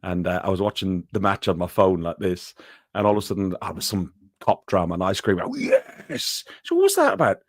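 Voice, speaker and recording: A man's voice: low voice, flat delivery, a little fast, no room sound, studio quality. A man co-hosting a casual football chat, easygoing, often laughing and correcting himself. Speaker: podcast co-host.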